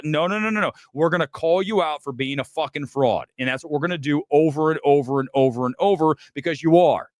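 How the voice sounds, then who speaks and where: A man's voice: on the high side, no echo. A man hosting a film talk show, ranting in a combative, profane, emphatic way. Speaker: host.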